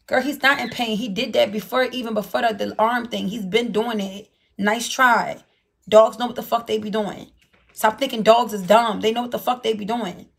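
Ranting woman livestreamer, gravelly voice. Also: on the high side, steady tone, normal speed. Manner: blunt, ranting, swears a lot. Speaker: livestream host. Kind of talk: casual livestream chat.

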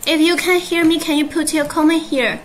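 A woman with a Chinese accent hosting a live-stream sales presentation in English, halting and repeating her greetings. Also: high voice, fairly even intonation, a little hiss or hum, poor audio. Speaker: livestream sales host.

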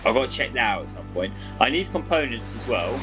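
A man talking to himself through a survival game, excitable and prone to swearing, with game music behind him. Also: medium pitch, a little fast. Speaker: gaming YouTuber. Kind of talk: let's-play commentary.

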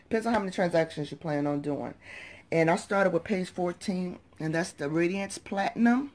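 Woman, groggy morning voice, chatty vlogger, talks to viewers as y'all, slightly low voice. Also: normal speed, a little mellow. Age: adult parent of young children. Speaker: couponing vlogger. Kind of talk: casual haul vlog.

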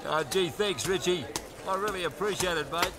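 A man's voice: high-pitched, moderate pace. A man with an Australian accent playing a sacked former cricket commentator, eager and wheedling as he begs for his job back. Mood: pleading. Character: sacked male ex-commentator begging for work.

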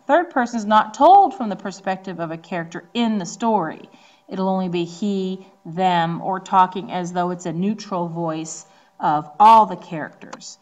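A woman teacher from the Northeastern United States giving a casual recorded lecture, explaining terms with frequent ums and slowing down to stress key words. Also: medium pitch, lively intonation.

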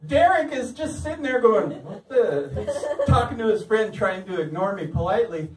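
Animated man telling stand-up in an echoey room. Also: sits high, normal speed. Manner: animated, often laughing through lines. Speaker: open mic comedian. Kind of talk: stand-up storytelling. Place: open mic venue. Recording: echoey room, mic at a distance, faint noise.

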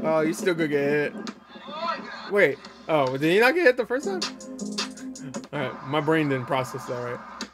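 A man hosting a casual meme reaction video, laughing, swearing often and bursting into loud exclamations. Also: on the high side, sing-song, normal speed, long pauses. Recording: loud music playing behind the voice.

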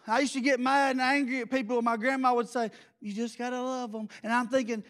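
A man preaching as pastor in a church, intense, blunt and folksy, with grandma sayings and quick asides. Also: very high voice, flat delivery, fairly bright tone. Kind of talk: sermon.

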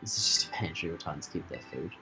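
His very deep voice is animated and quick as this gaming channel host jokes and laughs his way through a video game. The casual let's-play commentary runs over music.

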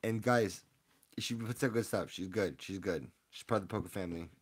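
A young man streaming live as he opens card packs, chatting casually and rambling excitedly as he gives shout-outs to viewers. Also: on the low side, normal speed, husky. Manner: excitable, rambling, hypes up the audience.

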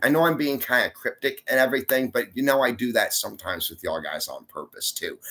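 A man's voice: medium pitch, a little fast, sharp tone. A sleepy man, chatting to camera in a rambling, folksy vlog. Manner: rambling, folksy, uses y'all. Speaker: vlogger. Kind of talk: casual chat to camera.

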